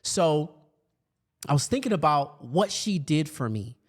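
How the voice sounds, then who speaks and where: Man, 30s, host-speaker, storytelling talk, animated, jumps up high when acting out scenes. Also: a little slow, slightly rough. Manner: animated storyteller, acts out his younger self in a raised voice. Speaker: speaker for educators.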